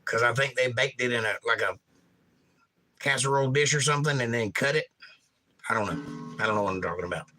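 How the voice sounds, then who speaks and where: A hoarse man hosts a relaxed livestream, drifting from topic to topic as he reads out viewers' comments. His voice has a bright, sharp edge even though its upper range is worn out. A guitar can be heard behind him. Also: medium pitch, brisk, pauses often, poor audio. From Georgia, USA. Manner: folksy, rambling, reads comments aloud. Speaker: livestream host and pastor. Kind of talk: casual livestream chat reading viewer comments.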